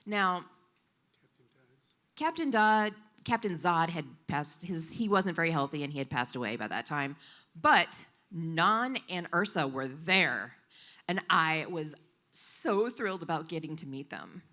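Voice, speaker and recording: A woman interpreting for a storyteller, voicing a live story at a coffee shop event in an animated, expressive way. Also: low-pitched, a little slow.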